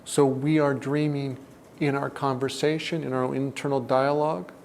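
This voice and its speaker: Man, self-help teacher; gravelly, measured delivery that sinks soft and low. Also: level tone, slight background noise. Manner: deliberate, often drops to a soft, low tone. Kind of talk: reflective teaching talk.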